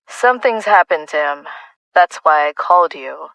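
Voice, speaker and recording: A woman reading an audiobook, voicing a calm, prying young man who speaks evenly and coldly. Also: low-pitched, normal speed, vocal fry, no room sound, full character voice, poor audio. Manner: calm, even, coaxing.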